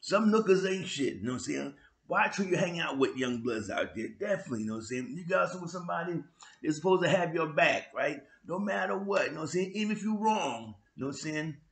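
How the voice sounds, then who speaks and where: Animated New York man telling a street story. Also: a little high, fast, reverberant. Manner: animated street slang with frequent "you know what I'm saying"; sound effects and loud bursts. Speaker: vlog host. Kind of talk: casual storytelling monologue.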